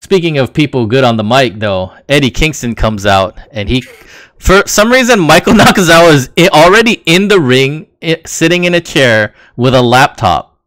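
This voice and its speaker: A man's voice: a little high, big pitch swings, normal speed, a bit bright, no echo. A man co-hosting a casual wrestling recap podcast, rambling and laughing as he retells the action. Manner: rambling, laughs while recounting. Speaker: podcast co-host.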